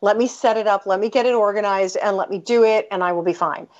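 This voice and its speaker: This middle-aged American author, interviewed as a guest, has a mid-range, darkish voice and a quick pace. Telling a personal story, she comes across as candid and emphatic, with sentences often dropped and begun anew. Dull lo-fi audio.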